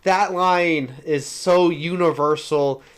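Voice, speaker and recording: A man co-hosting a casual film podcast, talking with enthusiasm and gentle teasing. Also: fairly high pitch, steady tone, slow, clear, resonant tone. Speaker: podcast co-host.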